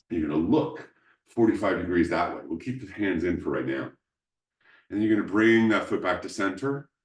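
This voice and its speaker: Deep-voiced man teaching qigong, roomy. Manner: calm instructive, dry humor asides. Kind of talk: demonstrating qigong postures. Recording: roomy sound, mic at a distance.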